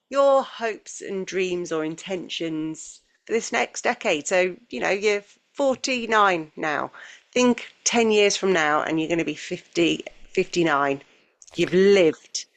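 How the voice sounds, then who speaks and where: A woman's voice: on the low side, expressive, slow pace. A woman in her forties co-hosting a podcast, chatting and quoting people she has met. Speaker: podcast co-host. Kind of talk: casual chat.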